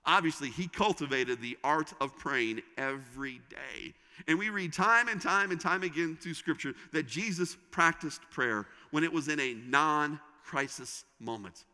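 A middle-aged man preaching a sermon as a pastor, with dramatic pauses and sudden drops to a soft, intimate tone. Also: a little high. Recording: reverberant hall.

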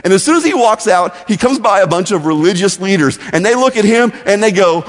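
A man teaching a Bible lesson as a story, animated and often repeating words as he starts. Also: sits high, brisk, hardly any pauses. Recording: long echoey hall reverb.

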